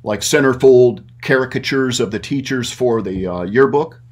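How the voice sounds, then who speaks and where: Middle-aged guy rambling through stories, lots of ums, normal pitch. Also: normal speed, a little mellow. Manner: rambling with many fillers. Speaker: guest, puppet maker. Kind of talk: casual interview talk.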